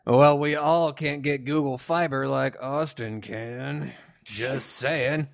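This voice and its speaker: A young man hosting a casual podcast, animated and laughing, with lots of fillers. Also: mid-range voice, takes it slowly, creaky. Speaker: podcast host. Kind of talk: casual chat.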